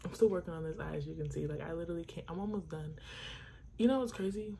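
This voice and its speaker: A woman's voice: on the low side, quick pace, gravelly, dark tone, slight background noise. A young woman hosting a makeup tutorial, chatting casually and enthusiastically to viewers, peppering her talk with "like" and the odd swear. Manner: enthusiastic, talks straight to viewers.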